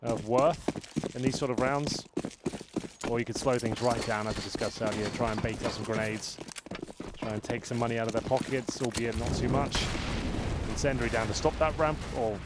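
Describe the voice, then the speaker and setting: A man giving live play-by-play commentary on a competitive shooter match, steady and analytical with dry asides. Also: medium pitch, moderate pace, very noisy. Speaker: esports commentator.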